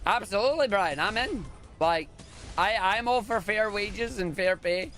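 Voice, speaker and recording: A Scottish man streaming a speedrun, talking casually with jokes and sudden excited exclamations. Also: sits high, unhurried. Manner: excitable, jokey, bursts into loud exclamations. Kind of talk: casual live-stream commentary. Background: game music.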